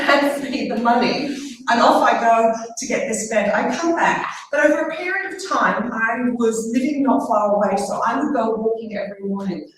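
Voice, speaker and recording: A woman's voice: a little high, a little hiss or hum. A woman therapist giving a motivational stage talk, telling a story to an audience. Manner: warm storytelling, engages the audience. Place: large conference hall. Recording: echoey hall, heard from a distance.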